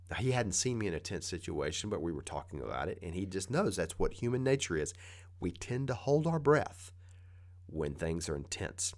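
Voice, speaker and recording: A man's voice: deep voice, very animated, brisk. A man giving a conversational motivational talk, coaching with plain repeated advice.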